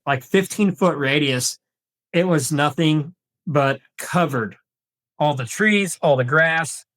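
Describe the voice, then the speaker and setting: A man's voice: fairly high pitch, fairly bright tone, no room sound. A young man, a podcast guest telling a long hunting story in a rambling, folksy way with many fillers and restarts. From Kansas. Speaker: podcast guest, deer hunter. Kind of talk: casual storytelling interview.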